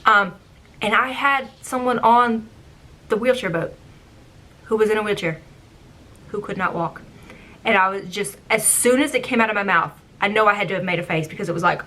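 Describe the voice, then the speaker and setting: Animated bright-voiced woman telling work stories. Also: medium pitch, moderate pace. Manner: animated, acts out her own past reactions; chatty, with frequent "like" and "um". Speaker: former theme park ride guide. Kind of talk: casual storytelling vlog.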